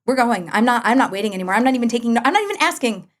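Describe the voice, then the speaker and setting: A woman in her forties, appearing as a podcast guest, tells a personal story with lots of energy, acting out the dialogue and laughing often. Her voice is a little high and she talks very fast.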